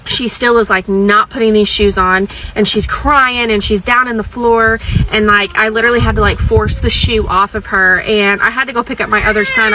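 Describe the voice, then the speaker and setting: A woman's voice: medium pitch, normal speed, few pauses, background noise. A mother telling a long, rambling story in an exasperated rant. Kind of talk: venting mom rant.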